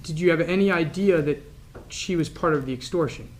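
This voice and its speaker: Higher-voiced male attorney asking questions. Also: a little fast, darkish tone. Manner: short, plain questions. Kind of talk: courtroom direct examination. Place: courtroom.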